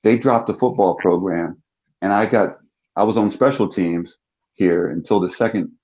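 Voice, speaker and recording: An older man from South Jersey, a former pro football player, telling stories as a talk-show guest and acting out the voices of the people in them. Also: normal speed. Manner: animated storyteller, acts out quoted voices with big pitch jumps. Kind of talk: storytelling in a talk-show interview. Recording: dull lo-fi sound.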